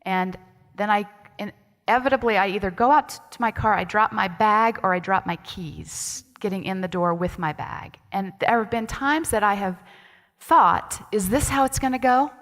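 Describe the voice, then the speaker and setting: A woman's voice: medium pitch, moderate pace, a bit bright. A woman associate minister giving a conversational sermon, chatty and asking the congregation questions. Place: church sanctuary. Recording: long hall reverb in a sanctuary.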